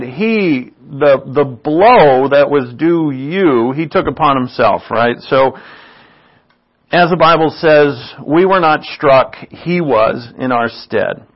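A man giving an informal, chatty sermon, often checking in with the listeners by asking "right?". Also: a little high. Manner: chatty, asks "right?" often, laughs at own asides. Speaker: preacher. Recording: dull lo-fi recording.

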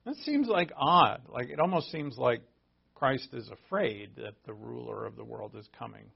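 A man's voice: mid-range voice, lively intonation, moderate pace, creaky, husky. A man preaching a casual sermon as pastor, talking in a conversational, emphatic way with asides and restarts. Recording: dull lo-fi audio.

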